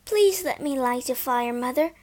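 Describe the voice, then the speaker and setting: A woman voicing an earnest, caring young girl who pleads in a raised, high voice. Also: animated, moderate pace, a little mellow. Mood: pleading.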